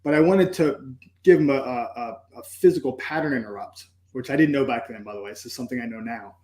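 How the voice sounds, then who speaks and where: A man sharing a personal story as a podcast guest, earnest and reflective, often stopping to restart a thought. His mid-pitched voice carries a noticeable room echo. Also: fast talker, dark tone.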